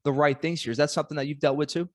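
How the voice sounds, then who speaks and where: A man's voice: on the high side, steady tone, rapid-fire, no room sound, clean studio sound. A man hosting a podcast, thinking aloud in a casual, rambling way with many fillers. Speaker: podcast host. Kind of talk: casual interview chat.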